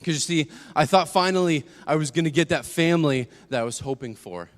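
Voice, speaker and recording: A man's voice: on the high side, a little fast. Earnest young man preaching testimony. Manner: earnest storytelling, swings from hushed to emphatic. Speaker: guest speaker giving testimony. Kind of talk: personal testimony sermon. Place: church sanctuary. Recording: long hall reverb.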